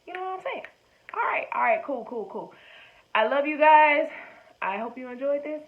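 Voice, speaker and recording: A woman with a high voice talks straight to her audience in a loose, chatty vlog, tossing in slangy asides and nudging them along. The sound is thin and narrow, as if it came through a phone line. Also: lively intonation, normal speed, noisy background. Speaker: vlogger giving dating advice. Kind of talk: casual direct-to-camera talk.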